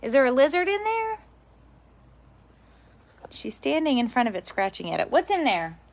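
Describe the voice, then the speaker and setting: A woman's voice: sits high, huge pitch swings, normal speed. A woman talking casually to her phone camera in her yard as a parenting vlogger, chatting and exclaiming at her dog. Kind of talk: casual vlog chat. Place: outdoors at home, yard.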